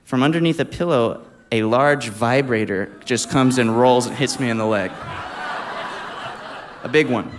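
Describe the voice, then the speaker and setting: A man from Alabama telling a personal anecdote in a casual, animated way, often breaking into laughter. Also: mid-range voice, a little slow, long pauses, background noise. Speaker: storyteller.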